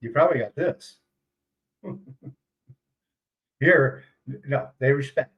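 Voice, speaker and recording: A man's voice: mid-range voice, very slow, lo-fi sound. An older man, a retiree, chatting casually and rambling on a livestream, chuckling often. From United States. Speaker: retiree vlogger.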